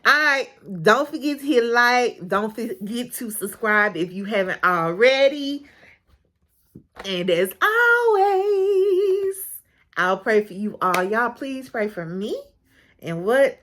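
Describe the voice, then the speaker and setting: A woman's voice: fairly high pitch, sing-song, slow, a bit bright. A woman hosting a casual recap of a reality show, frank and chatty, often breaking into laughter.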